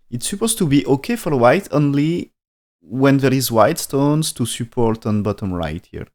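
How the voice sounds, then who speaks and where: A man's voice: medium pitch, a little mellow. A man commentating a go game on a live stream, thinking aloud in non-native English with frequent restarts and dropped articles.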